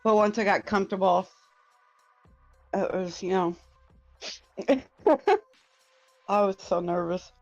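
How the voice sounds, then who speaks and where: A woman hosting a casual podcast, telling a story in an animated, giggly way. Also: mid-range voice, slow, pauses often, dull audio, faint music behind. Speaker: podcast host.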